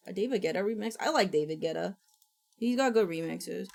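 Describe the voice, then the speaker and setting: A woman's voice: medium pitch, animated, a little fast, gravelly, a little mellow. A woman streamer chatting casually on a livestream, muttering to herself, reading instructions aloud and swearing now and then.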